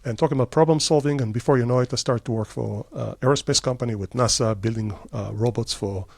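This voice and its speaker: A middle-aged Israeli man, a startup CEO, answering interview questions with lively stories, quick bursts and many fillers. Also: mid-range voice, gravelly, dry recording, clean studio sound.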